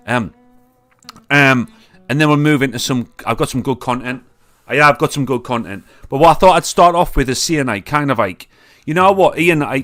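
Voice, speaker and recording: Here a man from Northern England hosts a podcast, with a mid-range, fairly bright voice and a Northern English accent. The live chat with friends is casual, loose and full of swearing.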